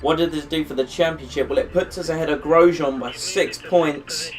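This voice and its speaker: A man's voice: a little high, fairly even intonation, moderate pace, far from the mic, faint music behind. A man recapping a racing video game career race he just played, rambling and thinking aloud with fillers, tired after a long session. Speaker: gaming channel host.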